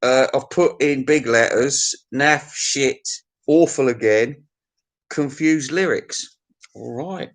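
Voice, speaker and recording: A man's voice: mid-range voice, slow pace. A man giving a casual, unscripted album review, blunt and crude, swearing often and laughing at his own jokes.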